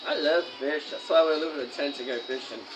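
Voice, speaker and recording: Man, slightly high voice, rambling and apologetic, eating while talking, music playing clearly behind. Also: fast talker, poor audio. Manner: rambling, apologetic, talks with his mouth full. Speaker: vlogger and self-published poet. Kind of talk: poetry reading then casual vlog chat. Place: fast-food restaurant.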